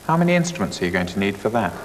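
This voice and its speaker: A man leads a class of young children through percussion games, brisk and encouraging. His voice swings up and down a lot. It is heard on an old 1980s schools TV recording, with a long hall reverb and faint background hiss. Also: lowish voice, sing-song. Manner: encouraging, brisk teacher questions. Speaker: music presenter teaching a primary class. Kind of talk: classroom music lesson for schools TV.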